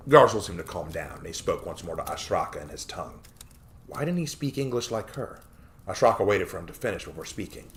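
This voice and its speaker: A man reading aloud a first-person story he wrote himself, in a measured, expressive narrating manner. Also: low-pitched. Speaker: storyteller reading his own fiction.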